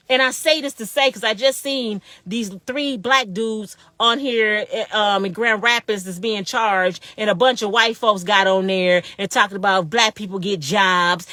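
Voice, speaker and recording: A woman in her fifties speaks in a high, bright voice, pressing each point with indignant, repetitive emphasis. The sound is close and dry, with no room around it. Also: no room sound. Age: 50s. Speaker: vlogger telling her own story. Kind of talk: impassioned personal monologue.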